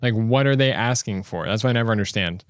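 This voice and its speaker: A man's voice: fairly low pitch, fast talker, clean tone, no room sound, studio quality. A man hosting a solo stream-of-consciousness podcast, rambling along with many fillers and restarts. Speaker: podcast host.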